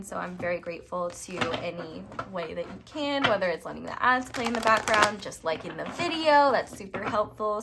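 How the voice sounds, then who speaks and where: A young woman chats her way through a tarot reading, rambling and dropping fillers as she goes. Her voice sits at a middle pitch, relaxed and conversational. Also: very noisy. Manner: chatty, rambling, lots of fillers. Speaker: tarot reader. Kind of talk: casual tarot reading to camera.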